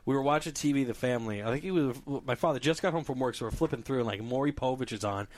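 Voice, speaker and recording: A man hosting a casual podcast, telling animated stories and laughing often. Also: mid-range voice, fast. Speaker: podcast host. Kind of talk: casual storytelling chat.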